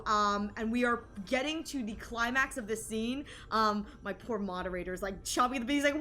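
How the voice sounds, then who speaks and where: A woman's voice: a little high, bright, forceful tone. A young adult woman streaming from home, chatting casually with her viewers, giggling often and restarting her sentences. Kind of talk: casual live-stream chat with chat readers.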